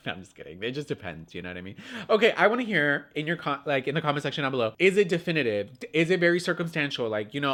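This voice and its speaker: A man's voice: mid-range voice, a bit bright. A young man chatting casually and gossiping while doing his makeup, with lots of "like" and loose swearing. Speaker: beauty vlogger.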